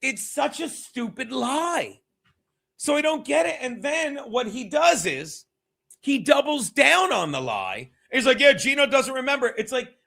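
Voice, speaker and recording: A loose, laughing man hosting a livestream, rambling and often losing his thread. His voice is bright and gravelly and swings up and down in pitch. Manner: rambling, laughing, loses his train of thought. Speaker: comedian hosting a livestream show. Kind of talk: casual livestream chat with chat shout-outs.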